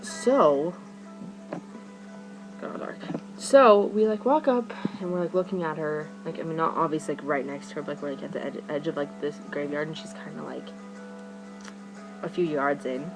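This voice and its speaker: A teenage girl vlogging to her webcam, telling a story excitedly and rambling with "like" in nearly every phrase. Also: low voice, moderate pace, long pauses, poor audio. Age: teens. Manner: rambling, fillers, "like" constantly. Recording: music playing behind her.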